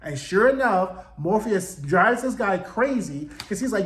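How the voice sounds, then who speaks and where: A man giving a casual, animated recap of a show, jumping into quick voices for the characters and swearing freely. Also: high-pitched, roomy sound, low-quality recording. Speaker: show reviewer.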